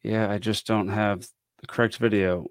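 A man with a slightly low voice talks off the cuff as a podcast host, rambling and wry, trailing off into ums and small laughs. The sound is dry and close, with no room echo. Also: level tone, normal speed. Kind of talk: casual commentary.

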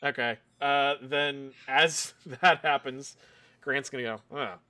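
A man at a tabletop game with a bright, forward tone at a middle pitch. He narrates what his character does in a playful way, breaking into giggles often. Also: fairly even intonation, slow pace, clean tone. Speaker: player. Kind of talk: casual tabletop role-play narration.

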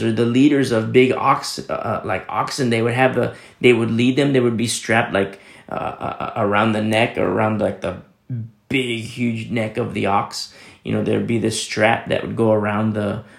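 A man's voice: on the low side, creaky, roomy sound. A man pastor giving a conversational Bible teaching sermon, rambling with many restarts and sudden emphatic rises.

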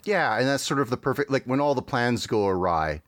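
A man's voice: mid-range voice, lively intonation, brisk, a bit bright. A man hosting a podcast, chatting casually with many fillers and restarts. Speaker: podcast host.

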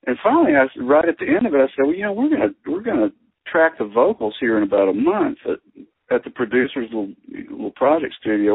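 Husky man telling lively stories. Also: mid-range voice, quick pace, dry recording. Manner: animated storyteller who laughs often. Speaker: podcast guest, musician. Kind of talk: casual chat. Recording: tinny phone line.

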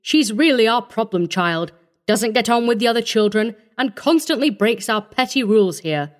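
A woman voicing a brisk, fussy middle-aged orphanage matron in an audiobook reading, talking in a commanding way. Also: a little high, animated, close to an everyday voice. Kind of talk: audiobook character voice.

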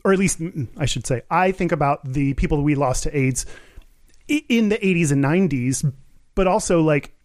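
A man co-hosts a podcast in casual chat, his fairly high, slightly mellow voice lively in intonation at normal speed. He rambles with plenty of fillers and laughs often. The recording is studio quality with no room sound.

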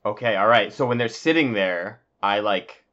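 A man's voice: lowish voice, normal speed, pushed and bright, highs cut off. A man co-hosting a podcast, chatting casually and riffing on silly jokes. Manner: joking, riffs on silly bits. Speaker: podcast co-host. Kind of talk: casual chat.

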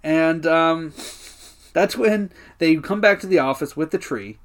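Podcast co-host, male, slightly high voice, animated casual recapper who swears freely. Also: measured pace. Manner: animated retelling, acts out quotes, swears freely.

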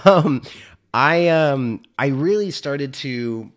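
A man chatting as a guest on a podcast, his pitch swinging widely as he gets into it. He swears casually and leans on ums and likes. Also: takes it slowly. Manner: animated, laughing, swears, many fillers.

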